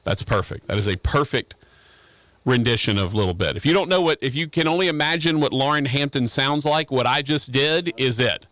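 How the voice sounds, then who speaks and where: In a radio studio, a man hosts a laid-back sports show, his mid-range voice animated, fairly quick, and a bit bright. He rambles, cracks jokes, restarts his sentences, and repeats himself.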